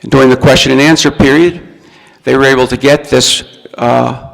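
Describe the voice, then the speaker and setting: Man lecturing, gravelly voice in a hall. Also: medium pitch, fairly even intonation, normal speed, fairly bright tone. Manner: explains step by step, shows a book, restarts words often. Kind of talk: recorded talk to an audience. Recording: long reverb from a hall.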